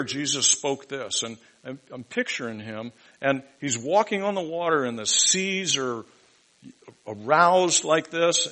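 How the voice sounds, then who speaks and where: A man preaching a sermon in a bright, forceful voice. He drops to near-whispers in reflective moments, then rises to loud, emphatic declarations. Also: on the low side, gravelly, poor audio. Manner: dynamic preaching, swings from hushed to loud emphatic. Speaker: pastor.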